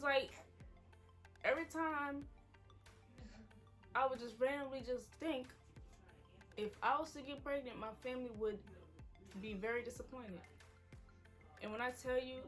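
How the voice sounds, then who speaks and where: A woman's voice: high voice, a bit bright. A woman, casually telling an emotional personal story to the camera. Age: 20s. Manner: casual, quoting people in her story. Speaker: vlogger.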